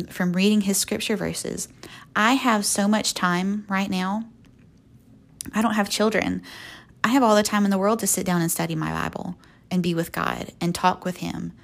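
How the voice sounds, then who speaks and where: A young woman talks through a faith podcast in an earnest, folksy way. Her voice sits at a middling pitch with a gravelly fry under it. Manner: earnest, folksy, with soft laughs. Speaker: podcast host.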